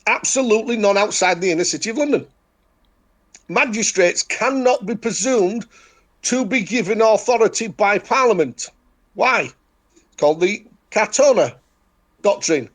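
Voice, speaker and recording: A man with a broad Yorkshire accent, speaking high for a man. He talks in a blunt, insistent way, repeating short declarations for emphasis in a casual chat. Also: lively intonation, moderate pace, long pauses, a bit bright.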